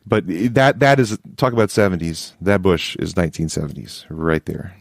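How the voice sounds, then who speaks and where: A man's voice: sits low, lively intonation, moderate pace, vocal fry, no echo, clean studio sound. A man co-hosting a podcast, chatting casually and enthusiastically, often restarting his sentences. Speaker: podcast co-host. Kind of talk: casual chat.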